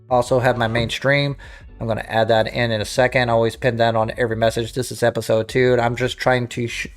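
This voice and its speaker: A man hosting a casual gaming livestream, talking off the cuff with frequent restarts and throat-clearing. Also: medium pitch. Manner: rambling, self-interrupting, clears throat. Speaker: livestream host.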